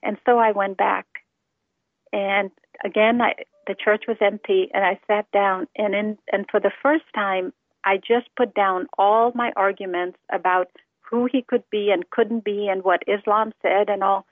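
A woman's voice: mid-range voice, steady tone, a little slow, no echo. A woman giving an earnest, heartfelt personal testimony about her faith. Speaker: testimony speaker. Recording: tinny phone-line sound, dry.

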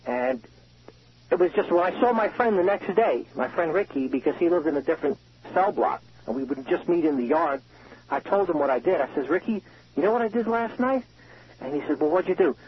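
Calling from a prison payphone, a male inmate delivers an earnest personal testimony by phone, emotional and full of restarts. His voice is a little high, animated and slightly fast, heard over a muffled line.

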